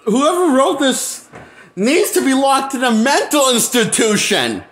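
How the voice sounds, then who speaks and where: A man in a casual movie review, talking slowly and deliberately through his disbelief. His voice sits high and leaps around in pitch as he repeats himself and breaks into nervous laughter. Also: very animated, fairly bright tone. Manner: repeats himself, halting restarts. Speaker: movie critic.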